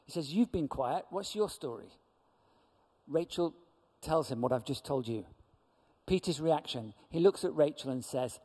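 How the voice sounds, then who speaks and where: A man with a slightly raised voice telling a church testimony story. He acts out the people in his story with lively shifts. His voice rings out in a long hall reverb. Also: a little high, a little slow, breathy edge. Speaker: church speaker.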